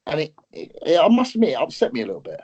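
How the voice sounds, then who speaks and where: A man and bodybuilder co-hosting a casual podcast, telling stories in an earnest, soft-spoken way. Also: fairly high pitch, wildly swooping pitch, very fast, husky. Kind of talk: casual chat.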